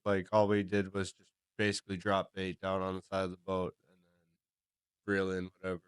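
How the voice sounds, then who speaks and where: A man's voice: low-pitched, completely flat delivery, normal speed, clear, resonant tone, dry recording. A man co-hosting a podcast, telling a story in laid-back casual chat with dry humor. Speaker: podcast co-host.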